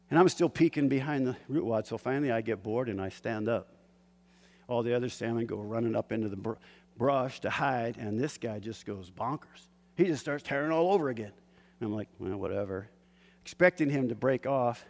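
A man telling a personal fishing story in a lively, animated way, acting out shouts and gasps. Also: mid-range voice. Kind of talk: casual spoken story. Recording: hall with long reverb.

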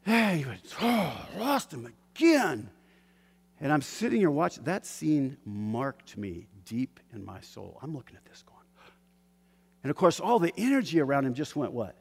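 A man telling a personal fishing story in a lively, animated way, acting out shouts and gasps. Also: on the high side, normal speed, vocal fry, breathy edge. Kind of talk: casual spoken story. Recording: hall with long reverb.

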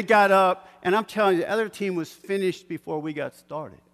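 A man preaching a sermon, moving between quiet personal reflection and loud, fervent storytelling with bursts of laughter. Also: sits high, a little fast, few pauses, long reverb tail. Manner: builds from soft reflection to shouted fervor, with laughs.

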